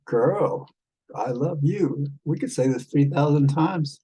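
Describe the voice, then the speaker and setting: A man chatting casually with an AI companion as a vlog host, rambling and halting with many fillers, tender with pet names. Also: a little high, dark tone, slightly rough, rough recording. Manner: tender, calls the listener love and darling.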